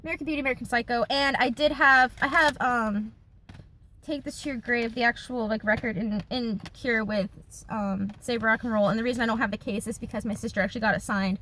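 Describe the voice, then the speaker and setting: A woman's voice: on the high side, steady tone, fairly quick, sharp tone, slight background noise. A woman in her twenties, chatting casually in a Q&A vlog from her car, with lots of fillers and giggles. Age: 20s. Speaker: YouTuber.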